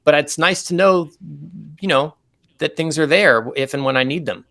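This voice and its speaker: A man, a guest saxophonist in an interview, telling animated anecdotes and explaining technical ideas step by step in a relaxed way. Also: fairly high pitch, normal speed.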